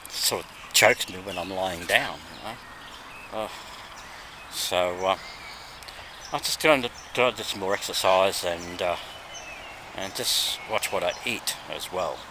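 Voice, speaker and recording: A man with an Australian accent, hoarse and losing his voice, chatting in a rambling vlog with many ums and little laughs. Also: low voice. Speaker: vlogger. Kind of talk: casual vlog chat. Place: walking outdoors. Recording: outdoor background noise.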